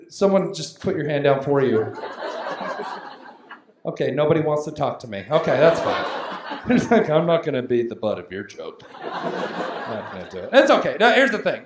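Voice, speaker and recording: A man doing live stand-up comedy, chatty and animated, bantering with the audience. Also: sits high. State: winded from yelling. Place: large hall at a benefit show. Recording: echoey hall, noisy crowd.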